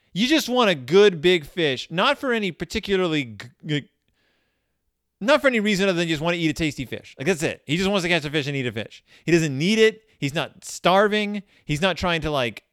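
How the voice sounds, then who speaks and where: A man delivers a sarcastic, exasperated commentary on a children's picture book, scolding its characters as he goes. His pitch swings widely from low grumbles to high indignant bursts. The recording is dry and close. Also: fairly bright tone, no room sound. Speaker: book reviewer.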